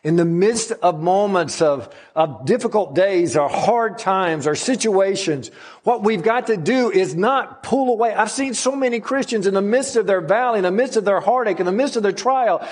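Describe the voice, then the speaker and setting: A man's voice: lively intonation, normal speed. Impassioned middle-aged male preacher. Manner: rises in pitch and volume on emphatic runs, drops soft on quiet points. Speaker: guest pastor. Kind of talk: sermon.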